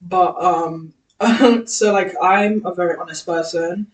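A young woman co-hosting a podcast, telling a story candidly and casually with quick laughs. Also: lowish voice, recorded from a distance. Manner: candid, laughs often, slips into her friends' voices when quoting. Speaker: podcast co-host. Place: room with ring light, podcast set. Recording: echoey room, set back from the mic.

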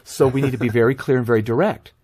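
A middle-aged man, a guest author on a talk show, telling parenting stories in a casual, animated way. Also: medium pitch, very fast, slightly rough. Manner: storytelling, animated anecdotes.

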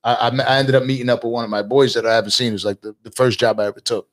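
A man in the middle of a loose podcast chat, telling stories with energy. He acts out what other people said in quick little voices, and he swears freely. His pitch sits at an ordinary middle level for a man. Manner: animated storyteller who acts out quotes, swears freely.

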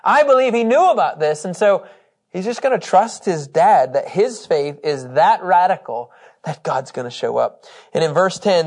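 Guy teaching a bible study, kinda high voice, chatty and animated, laughs a lot. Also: normal speed. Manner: animated, conversational, laughs often; reads scripture aloud with emphasis.

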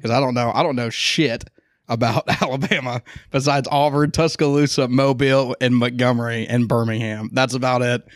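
A man's voice: mid-range voice, steady tone, moderate pace, no room sound, studio quality. A man from Atlanta co-hosting a sports podcast, telling blunt, profane stories in casual chat. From Atlanta, Georgia. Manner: blunt, swearing storyteller. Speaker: podcast co-host.

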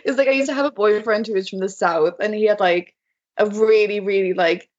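A young woman in casual podcast chat, animated and giggly, filling her talk with "like". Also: mid-range voice, fairly quick, highs cut off. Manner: giggly, animated, says like a lot. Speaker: podcast co-host.

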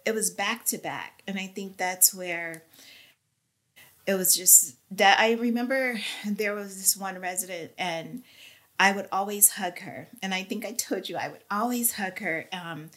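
A woman being interviewed, giving an emotional personal testimony with halting, earnest speech and fighting back tears. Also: mid-range voice, a bit bright. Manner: earnest, halting, with many fillers. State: tearful, near crying.

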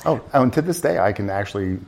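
A man telling a long story in an interview, rambling and animated with many restarts. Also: lowish voice, fast talker, vocal fry. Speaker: festival volunteer driver.

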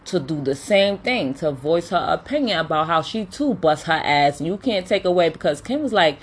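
A woman casually recapping a reality show, opinionated and animated, with lots of fillers. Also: on the low side, normal speed, hardly any pauses, slightly rough. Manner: chatty, opinionated, animated retelling with quoted voices; many fillers like um and you know. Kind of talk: casual chat.

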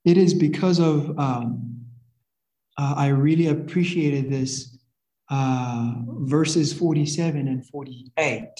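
A man gives a sermon slowly and earnestly, pausing to rephrase and repeat himself as he works through his point. His voice is soft and warm, and it rings in an echoey room. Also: on the high side, fairly even intonation. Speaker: preacher.

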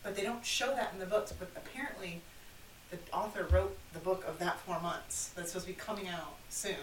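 A woman's voice: on the low side, fairly quick. A woman co-hosting a podcast, chatting casually with lots of "like" fillers. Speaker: podcast co-host. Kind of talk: casual chat. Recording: echoey and a bit distant with faint hiss.

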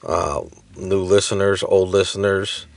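A man's voice: deep voice, steady tone, a little slow, gravelly, no room sound. A man in his thirties co-hosting a podcast in casual chat, hesitant with many fillers and restarts. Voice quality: hesitant, many uhs and self-corrections. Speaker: podcast co-host.

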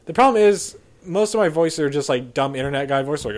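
Rambling young man, slightly high voice. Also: lively intonation, brisk. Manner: rambling, heavy on fillers like "like" and "uh". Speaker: podcast co-host. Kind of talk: casual chat.

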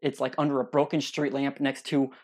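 A man's voice: medium pitch, a little fast. A young man hosting his own podcast, telling a funny personal story and acting out what other people said. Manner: animated, acts out other people's lines. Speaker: podcast host.

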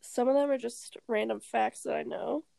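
Young woman with a gravelly edge. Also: a little high, fairly even intonation, normal speed, dark tone, dry recording. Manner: laughs often, acts out quoted lines. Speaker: podcast co-host. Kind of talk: casual movie recap chat.

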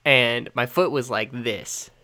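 A young man co-hosting a casual podcast chat, telling stories in a lively way and acting out what people said. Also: mid-range voice, slow pace. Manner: animated storytelling, acting out quoted lines. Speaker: podcast co-host.

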